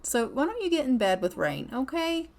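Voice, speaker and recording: A woman's voice: high-pitched, very animated, normal speed, darkish tone. Chatty woman narrating gameplay. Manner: chatty, affectionate, laughs often. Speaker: gameplay commentator. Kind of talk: casual let's-play commentary.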